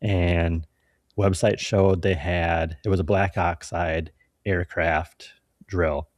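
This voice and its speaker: Blunt, profane, very deep-voiced man. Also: steady tone, takes it slowly, no echo, clean studio sound. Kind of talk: casual podcast conversation.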